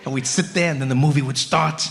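A young man performing a stand-up comedy routine, telling a story with lively acted-out voices. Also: mid-range voice, fast, gravelly, in a large hall.

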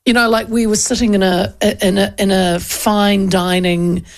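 Kiwi lady radio host in her 50s, bit of fry in the voice, rambles through stories, talks in a studio. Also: mid-range voice, flat delivery, normal speed. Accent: New Zealand. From New Zealand. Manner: chatty, storytelling, many restarts. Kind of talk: casual radio chat. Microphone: studio mic with headphones.

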